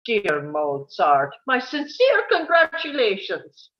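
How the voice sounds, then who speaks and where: Brief: woman reading a bitter, brooding composer, slow and confessional. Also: a little high, wildly swooping pitch, highs cut off, exaggerated voice. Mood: forced praise. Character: male composer, bitter, tormented and jealous. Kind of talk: table-read acting.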